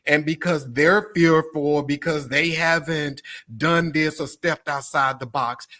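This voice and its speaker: A man's voice: on the high side, steady tone, a little slow, bright, forceful tone. A man who is a guest on a podcast, talking earnestly and reflectively about faith and the people around him. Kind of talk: casual chat.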